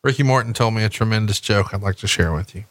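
A man casually telling a joke as an anecdote, with a relaxed, dry delivery. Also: fairly low pitch, fast talker, dry recording. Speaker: storyteller.

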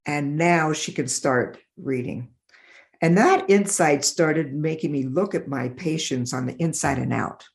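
Middle-aged woman guest, lively storyteller, deep voice with a gravelly edge. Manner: animated, acts out voices in her anecdotes. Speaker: developmental optometrist. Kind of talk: storytelling in a podcast interview.

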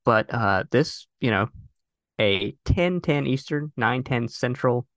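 A male podcast host in casual chat with a deadpan, self-deprecating humor. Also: medium pitch, takes it slowly, no room sound, studio quality.

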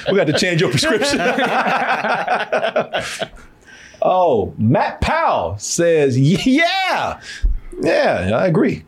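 Husky, lively man hosting a stream. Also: high-pitched, noisy background. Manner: laughs often, playful, teasing. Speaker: stream host. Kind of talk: casual live-stream banter reading chat.

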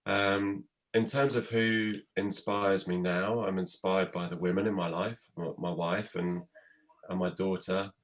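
A man who runs a theatre company, talking in a casual panel chat in a measured, reflective way. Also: low voice, fairly even intonation. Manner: measured, reflective, says "I guess". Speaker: theatre producer.

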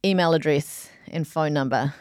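A woman, co-hosting a podcast and telling animated stories with frequent laughter. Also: deep voice, moderate pace, over a noisy crowd. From New Zealand. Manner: animated storytelling, laughs often. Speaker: podcast co-host. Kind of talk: casual chat.

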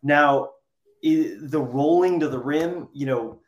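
Male podcast guest, mid-range pitch, easygoing analysis, echoey room sound. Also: slow, dull audio. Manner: relaxed, hedging, many "like" fillers. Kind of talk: casual sports analysis chat.

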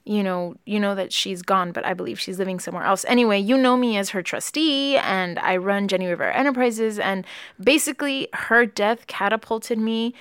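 A woman's voice: medium pitch, a little fast, fairly bright tone, clear, resonant tone, no room sound, studio quality. A woman co-hosting a podcast, telling her own story in a candid, openly emotional way. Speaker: podcast co-host. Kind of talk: candid personal conversation.

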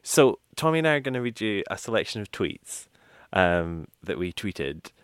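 A man co-hosting a casual podcast chat who laughs often and trails off into quiet asides. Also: fairly low pitch, very animated, moderate pace, clear, resonant tone, no room sound, studio quality. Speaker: podcast co-host.

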